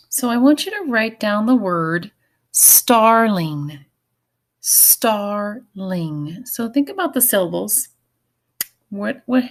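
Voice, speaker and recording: Woman teaching a recorded phonics lesson, gravelly edge. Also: medium pitch. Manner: patient, clear, step-by-step instruction.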